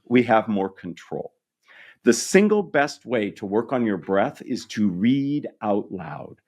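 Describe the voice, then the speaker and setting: Guy on a podcast, lower voice that swings a lot, explains things like a coach. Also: big pitch swings, slow pace, darkish tone. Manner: explanatory, coaching tone with small restarts. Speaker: guest, communication lecturer. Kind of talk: podcast interview.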